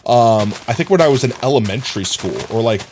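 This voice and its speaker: A man talking live on his stream in a mid-range voice, easygoing and rambling. He fills his speech with little verbal fillers as he reads comments and drifts into animated personal stories. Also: medium pitch, fast, a little hiss or hum. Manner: reads and answers chat comments. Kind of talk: casual stream chat.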